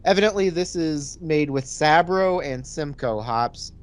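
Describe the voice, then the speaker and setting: A man's voice: fairly high pitch, lively intonation, unhurried, clean tone. A man co-hosting a podcast, describing a beer in a laid-back, rambling way. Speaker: podcast co-host reviewing beer. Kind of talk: casual chat.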